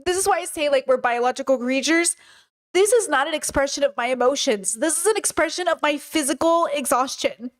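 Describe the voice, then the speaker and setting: Exhausted streamer girl, high voice, shaky and drained, just chatting w her viewers. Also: fairly quick. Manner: tired, confessional, shaky voice. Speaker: streamer talking to chat. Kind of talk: casual livestream chat.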